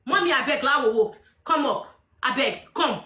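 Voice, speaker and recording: A woman with a Nigerian Pidgin accent hosting a casual livestream, loud and mocking, often laughing and shouting. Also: high voice, expressive, normal speed. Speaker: livestream host.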